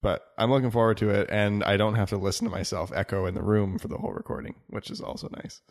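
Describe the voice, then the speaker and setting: A man's voice: on the low side, steady tone, quick pace. A man co-hosting a podcast, chatting in an easygoing, rambling way from an echoey room at home. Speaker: podcast co-host. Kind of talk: casual podcast chat.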